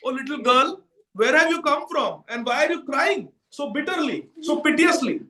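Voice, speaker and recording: A man voicing a fussy old village woman who fusses and exclaims in a high sing-song voice. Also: expressive, normal speed, sharp tone, full character voice. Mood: fussing. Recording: echoey hall from far off.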